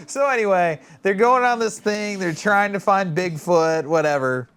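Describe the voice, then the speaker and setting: Rambling, animated podcast man. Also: high voice, normal speed, few pauses, clear, resonant tone, soft background music. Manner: rambling, animated storyteller, swears, acts out quotes. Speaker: podcast co-host. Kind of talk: casual chat.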